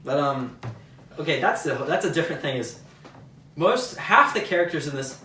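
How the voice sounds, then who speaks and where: A man's voice: fairly high pitch, expressive, normal speed, pushed and bright, a little hiss or hum. A man from Texas co-hosting a podcast, joking and sarcastic as he steers a casual movie chat. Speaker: podcast co-host. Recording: roomy, distant mic.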